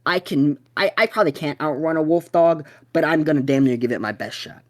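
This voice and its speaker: A young man hosting a podcast, telling a story in a profane, excitable way. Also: a little high, fairly quick. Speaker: podcast host.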